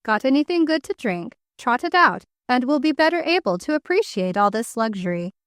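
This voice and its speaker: Drawling English young idler, read by a woman narrator, lazy storybook friend, smooth voice. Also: high voice, very animated, fairly quick, a bit bright, dry recording, studio quality.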